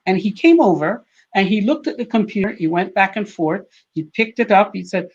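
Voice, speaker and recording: A woman's voice: mid-range voice, brisk, husky, dull audio. A woman speaking on a church panel about marriage over a video call. She teaches by checking in with "okay?" and tells stories by acting out both sides of a conversation.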